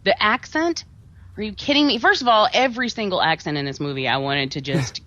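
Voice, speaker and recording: A woman co-hosting a podcast, chatting casually about a movie in an animated way, laughing often and trailing off into restarts. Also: medium pitch, a little fast. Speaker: podcast co-host. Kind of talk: casual movie review chat. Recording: dull lo-fi podcast audio.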